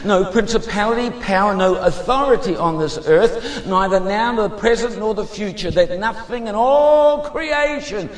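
A man giving a fervent testimony sermon as a preacher, moving between hushed and emphatic speech. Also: sits high, moderate pace, few pauses, reverberant, in a large hall.

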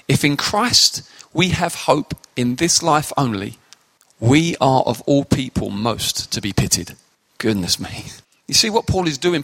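A man's voice: mid-range voice, pushed and bright. A man preaching a sermon, explaining scripture emphatically and addressing the congregation directly.

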